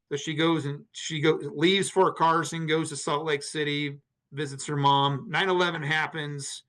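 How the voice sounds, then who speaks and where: A man's voice: on the high side, pushed and bright. A man, a podcast guest, telling a personal story earnestly, with frequent restarts and acted-out quotes of others.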